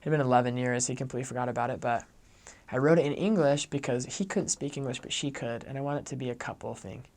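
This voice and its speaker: A young man recounts a personal story from his missionary days with an earnest, heartfelt delivery. His voice has a gravelly edge and sits at an ordinary pitch. He often voices the other people in the story as he goes. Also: fast, a little mellow. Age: young adult. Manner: earnest, acts out quoted dialogue. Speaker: returned missionary.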